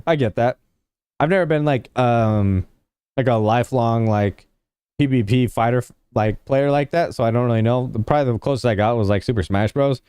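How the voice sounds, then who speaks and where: A young man on a livestream, chatting loosely with his viewers and padding his sentences with "like". His voice is smooth and resonant. The sound is close and dry, with no room around it. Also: medium pitch, brisk, darkish tone, no echo. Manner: rambling, heavy use of "like" fillers; laid-back, talks to chat. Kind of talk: casual livestream chat with viewers.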